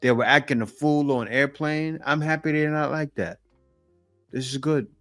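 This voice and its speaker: A man hosting a commentary video, reacting to clips in an animated, preachy way. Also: a little high, faint music behind. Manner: animated, preachy, slow and emphatic. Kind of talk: casual commentary.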